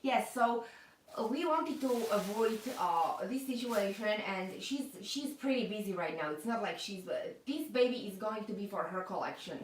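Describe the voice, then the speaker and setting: A doll collector with an expressive, mid-range voice hosts a casual live-stream unboxing at a moderate pace. She reads live comments aloud with lots of fillers in an echoey room, with a little hiss or hum present.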